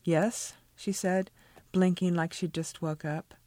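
A woman, the author, reading a passage from her own novel in a measured, expressive way. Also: lowish voice, no echo.

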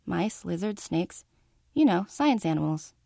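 A woman's voice: lowish voice, animated, measured pace, creaky, dark tone, no room sound, clean studio sound, heavily acted. A woman reading the lines of a bold, reckless teenage girl who talks brashly and defiantly. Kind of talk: audiobook reading by the author.

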